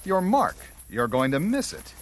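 A man voicing a determined colonial messenger in a cartoon, speaking in an insistent, forceful way. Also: on the high side, huge pitch swings, measured pace, slight background noise. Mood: defiant.

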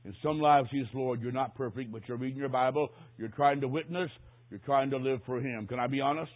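A man preaching a sermon, telling a story dramatically, dropping to a hush and rising to a shout. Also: medium pitch, a little fast. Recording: tinny phone-like lo-fi recording.

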